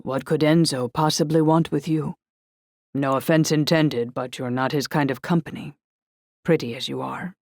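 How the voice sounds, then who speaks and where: A woman's voice: low voice, steady tone, moderate pace, darkish tone, no room sound. A woman voicing a burly male guard who talks in a wry, teasing way, in an audiobook.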